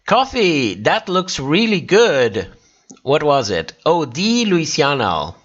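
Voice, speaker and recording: A man's voice: a little high, big pitch swings, takes it slowly, a bit bright, muffled recording. Tired man chatting on a livestream. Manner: chatty, laughs often, reacts to viewers. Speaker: livestream host. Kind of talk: casual chat reading live comments.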